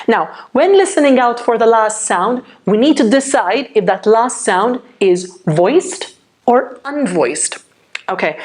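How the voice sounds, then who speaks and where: A woman teaching English pronunciation in a slow, unhurried way. She explains each step patiently and keeps pausing to check that her viewers follow. Her voice has a middle pitch and a clear, careful classroom delivery. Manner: patient, checks in often with "okay?".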